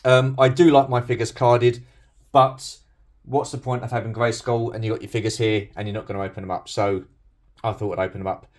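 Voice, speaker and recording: A man's voice: medium pitch, flat delivery, brisk, darkish tone. A middle-aged British man chatting casually about his toy collection, rambling and self-deprecating with plenty of fillers. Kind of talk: casual unboxing commentary.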